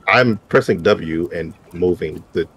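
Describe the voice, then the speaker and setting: A gaming teammate chatting casually, with relaxed, dry quips. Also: low-pitched, unhurried, a little hiss or hum.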